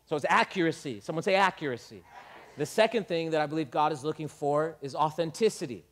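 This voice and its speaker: A man preaching a sermon as pastor, animated, acting out dialogue and building up to shouts. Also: a little high, fast talker.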